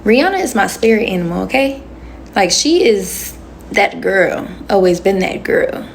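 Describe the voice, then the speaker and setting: Chatty woman with a gravelly edge. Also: medium pitch, animated, moderate pace, slight background noise. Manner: chatty, answering comments with slangy asides. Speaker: livestream host. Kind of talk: casual livestream chat.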